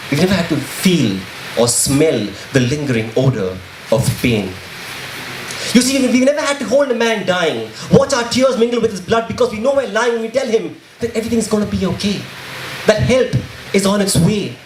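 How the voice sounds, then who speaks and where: A man's voice: sits high, big pitch swings, normal speed, noisy background. A man performing spoken word poetry in a rhythmic, intense delivery, stressing words hard. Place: live poetry event. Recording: echoey room with faint ambience.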